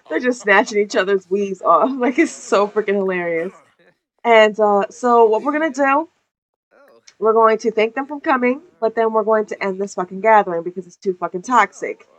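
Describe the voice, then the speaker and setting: A woman's voice: mid-range voice, normal speed, low-quality recording. A woman narrating her life-sim gameplay in casual commentary, chatty and profane, often laughing.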